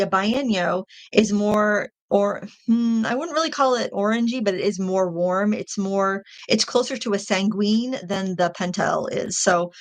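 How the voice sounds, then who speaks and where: Middle-aged woman, casual live-stream art host, meandering and self-correcting, mid-range voice. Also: mid-range voice.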